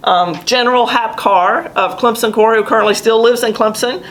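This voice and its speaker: A woman's voice: a little high, normal speed, rough recording. A woman from the American South with a Southern accent, an older Air Force veteran telling stories in an oral history interview with a laughing, storytelling manner. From South Carolina, US. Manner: storytelling, laughs while recalling.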